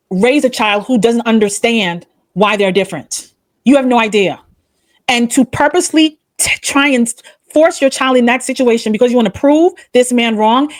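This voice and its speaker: Impassioned preachy woman, highish voice. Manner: preachy, scolding, rhetorical questions; swings between raised outbursts and low, quiet rebukes. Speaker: commentary channel host. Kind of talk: impassioned opinion monologue.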